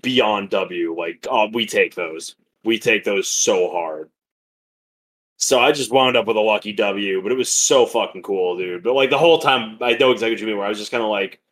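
A man's voice: fairly low pitch, a bit bright. A young man co-hosting a podcast, talking casually with slang and riffing off his co-host. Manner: laid-back, echoes and riffs on the other host's lines. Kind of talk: casual chat.

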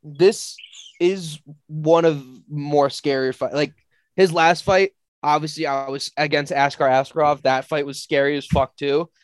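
A young man co-hosting a casual podcast chat, excitable and foul-mouthed, often bursting into shouts. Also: fairly high pitch, measured pace. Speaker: podcast co-host.

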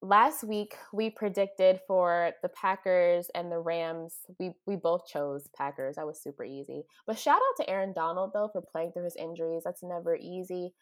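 A woman co-hosting a casual sports talk show, speaking with animated, dramatic emphasis. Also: lowish voice, moderate pace, hardly any pauses. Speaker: co-host.

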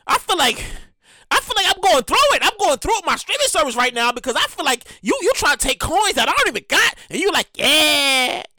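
Lively high-voiced woman ranting. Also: quick pace, no room sound, clean studio sound. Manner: emphatic, profane, repeats herself with stammering restarts. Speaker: show host. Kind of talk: casual comic rant.

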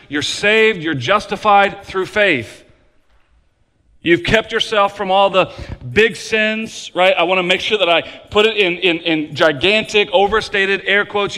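A man preaching a sermon as pastor, emphatic and repetitive, swinging between loud declarations and quiet low passages. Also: smooth. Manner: emphatic preaching with repeated phrases, varying loud and soft. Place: church sanctuary. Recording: long hall reverb.

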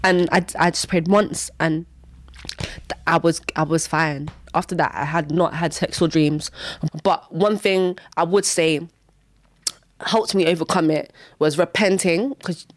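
A young woman giving a candid personal testimony in casual speech. She repeats herself often and breaks into sudden high exclamations. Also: steady tone, unhurried. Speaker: Christian vlogger sharing testimony.

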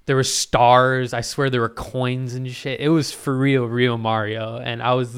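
A young man answering viewer questions in a casual vlog, swearing freely and talking in animated, exclamatory bursts full of fillers. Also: mid-range voice, moderate pace, few pauses, clean tone. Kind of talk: casual Q&A storytelling.

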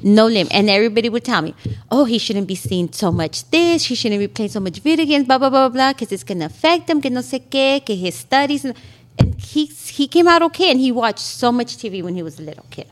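A middle-aged woman with a high voice chats casually as a podcast co-host. She teases her friends, laughs often and slips in Spanish phrases. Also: expressive, fairly quick. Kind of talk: casual chat.

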